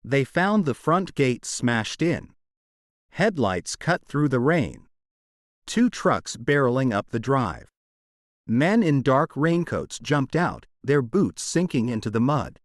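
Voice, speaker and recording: A man narrating a romance audiobook in a dramatic, expressive storytelling manner. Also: mid-range voice, slow pace, no room sound, clean studio sound.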